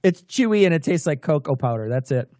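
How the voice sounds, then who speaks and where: A man's voice: fairly high pitch, sing-song, brisk, warm tone, no room sound, clean studio sound. A man co-hosting a live stream, chatting and telling stories in a loose, laughing, swearing way with many restarts. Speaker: co-host of a live-stream show. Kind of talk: casual comedic chat.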